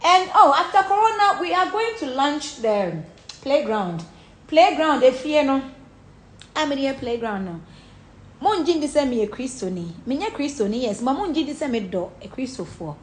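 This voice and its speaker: Speaking at normal speed in a high-pitched, very animated voice, a young celebrity woman gives a home tour to camera. Her Ghanaian-accented talk is casual, blunt and profane, moving between Pidgin and Twi.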